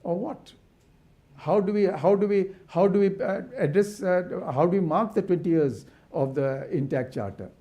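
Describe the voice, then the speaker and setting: An older man from India gives a symposium keynote in a voice that sits high, at normal speed and with lo-fi sound. He passionately poses rhetorical questions and restarts his sentences frequently.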